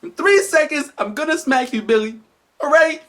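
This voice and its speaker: A man's voice: very high voice, a bit bright, slight background noise, voice pushed up. A man voicing an anxious mother who keeps hesitating and pleading before she disciplines her son. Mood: threatening. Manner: hesitant, pleading, building up slowly.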